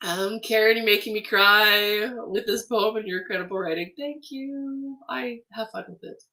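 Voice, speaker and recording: Canadian woman streamer, chatty and animated, often drifts off-mic. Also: mid-range voice, moderate pace, distant mic. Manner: chatty and animated, laughs often, many ums. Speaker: livestream host, artist. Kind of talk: casual livestream chat reading comments.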